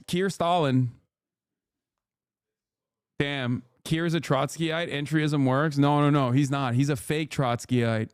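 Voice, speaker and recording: A man's voice: medium pitch, clear, resonant tone, dry recording, studio quality. A man, streaming and riffing in a rambling, profane, joking way over clips. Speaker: streamer host. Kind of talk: live-stream reaction commentary.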